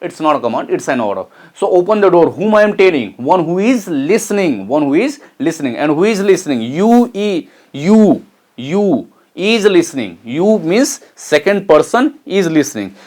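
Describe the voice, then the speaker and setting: A man with a fairly high voice gives an exam-prep grammar lesson. He explains each point step by step, repeating phrases and asking "okay?" to check in. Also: a little mellow. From Nepal. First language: Nepali. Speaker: English teacher.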